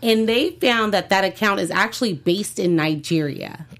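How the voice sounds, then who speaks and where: A woman's voice: mid-range voice, moderate pace. A woman co-hosting a casual entertainment news show, chatty and loose, often laughing along. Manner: chatty, hedging with fillers and laughs. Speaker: co-host.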